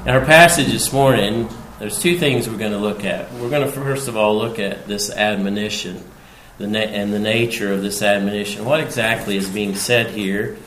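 A male pastor preaching an expository sermon in a church sanctuary, speaking in measured phrases that rise loudly whenever he quotes scripture. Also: fairly low pitch. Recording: roomy hall sound with faint background noise.

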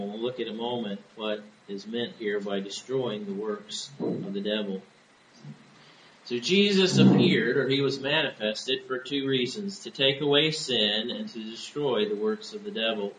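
A man preaching a sermon in an earnest, measured way. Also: mid-range voice, fairly bright tone, echoey room, a little hiss or hum, rough recording. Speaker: pastor.

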